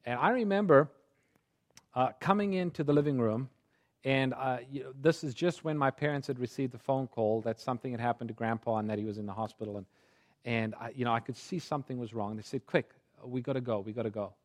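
A man with a medium-pitched voice preaches a sermon built around a personal story, talking a little fast. His delivery swings between hushed tones and fervent pleading.

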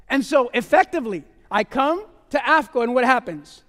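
A man with a very high voice preaches a testimony sermon, animated and pleading by turns. He keeps calling the congregation "my loved ones" and asks for their "amen." His voice rings with the long reverb of a church hall. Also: moderate pace, few pauses.

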